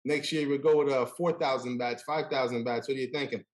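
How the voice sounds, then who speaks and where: A man's voice: medium pitch, fast. Roomy-sounding male podcast host. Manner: animated storyteller acting out quotes. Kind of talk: casual interview chat.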